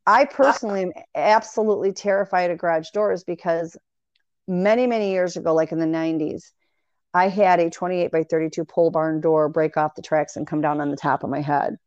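A woman in casual conversation, telling long animated anecdotes full of quoted dialogue. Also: lowish voice, a little fast, dry recording. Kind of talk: casual storytelling chat. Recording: dry, dull lo-fi sound.

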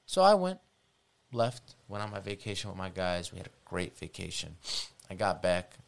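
A young man with a low, gravelly voice tells a story as a podcast guest. He talks in an animated, profane way and repeats himself for emphasis. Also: normal speed. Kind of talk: casual storytelling.

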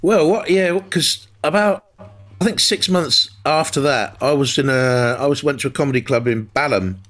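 A man, a veteran football commentator, chatting on a podcast and telling a measured, unhurried story. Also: medium pitch, a bit bright, soft background music. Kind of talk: casual chat.

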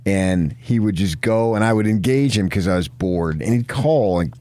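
A man's voice: fairly low pitch, normal speed, mellow, dry recording. A middle-aged man from New Jersey, chatting casually and telling rambling anecdotes as a co-host. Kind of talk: casual chat.

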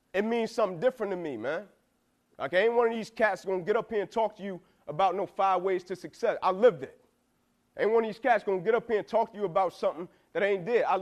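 A young man giving an emphatic, slangy motivational speech to football players, repeatedly asking "right?". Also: sits high. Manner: emphatic, repetitive, asks "right?" a lot, slangy.

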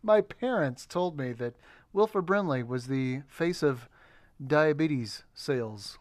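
A man's voice: on the high side, lively intonation, slow pace, dry recording. Dry-sounding, stammering male co-host. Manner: stammering restarts, wry jokes. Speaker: podcast co-host. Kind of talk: casual podcast chat.

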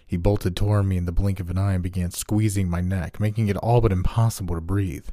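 Male horror narrator, very deep, steady, measured, dry close sound. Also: no room sound. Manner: steady, measured first-person storytelling.

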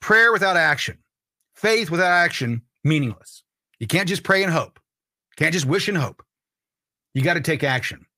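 A man hosts his own podcast in a political monologue that is emphatic and preachy, and he hammers points by repeating them. His voice sits a little high and sounds bright and forceful. The recording is dry and close. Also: expressive, normal speed, long pauses, no room sound. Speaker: podcast host.

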